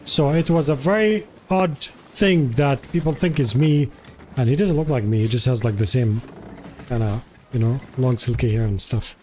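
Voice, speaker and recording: A man talks to his viewers during a live game stream, relaxed and chatty. His voice is mellow and warm. He greets people by name in a friendly way. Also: medium pitch, normal speed, a little hiss or hum. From Jordan. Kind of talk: casual live-stream chat.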